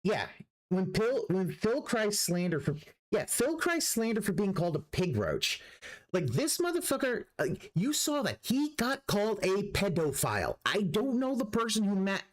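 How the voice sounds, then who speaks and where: A man's voice: high-pitched, sing-song, moderate pace. A man streaming a reaction, ranting profanely and restarting his sentences as he goes. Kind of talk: livestream reaction commentary.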